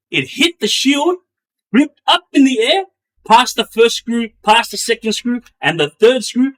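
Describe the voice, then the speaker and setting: A middle-aged former gang member casually tells prison stories, animated and acting out sounds and quotes with bursts of raised pitch. His delivery is loose and slangy, full of fillers and restarts.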